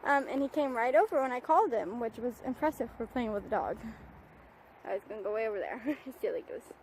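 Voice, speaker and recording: A young woman chats into a handheld phone while out at the park with her service dog, narrating her vlog casually, laughing a lot, and praising the dog aloud. Her voice is a little high and slightly mellow, brisk, with lively intonation, and the rough recording picks up slight background noise.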